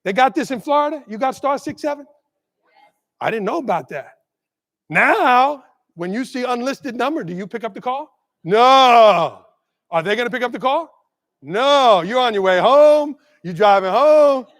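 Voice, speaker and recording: A man giving an energetic motivational keynote to school administrators, acting out quick exchanges with staff and parents. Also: very high voice. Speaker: keynote speaker. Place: large conference hall. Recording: long hall reverb.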